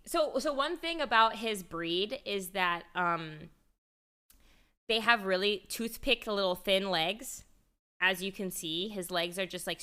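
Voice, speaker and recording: Young female streamer, bright and chatty, swears freely; casual live-stream talk. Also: lowish voice, clean tone. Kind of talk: casual chat.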